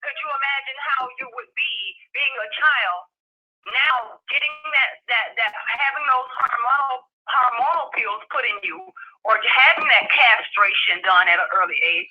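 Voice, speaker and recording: Halting woman over a phone line. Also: on the high side. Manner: halting, repeats words while thinking. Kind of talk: casual call-in chat. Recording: dull phone-line audio.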